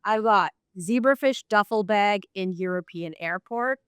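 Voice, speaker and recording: Upbeat woman interviewer, crisp dry voice. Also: mid-range voice, a little slow, no echo. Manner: upbeat, complimentary. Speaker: interviewer host. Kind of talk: scripted interview questions.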